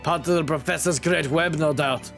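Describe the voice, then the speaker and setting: A man's voice: fairly high pitch, fairly even intonation, moderate pace, creaky, fairly bright tone, faint music behind, voice pushed up. A man voicing a burly, blustering male prison governor in a put-on Glaswegian Scottish accent while playing a game. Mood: threatening.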